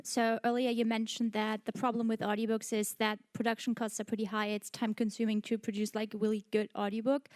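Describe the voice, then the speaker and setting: Woman, audience question, higher voice, flat delivery, dry sound. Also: smooth, dry recording. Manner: articulate, uses "like" fillers. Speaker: audience member asking a question. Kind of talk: panel Q&A question.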